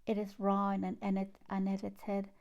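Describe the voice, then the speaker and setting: A woman with a foreign accent giving a gentle, heartfelt inspirational talk and reading a poem, with soft hushed asides. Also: medium pitch, completely flat delivery, moderate pace, creaky, dull audio. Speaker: spiritual channel host.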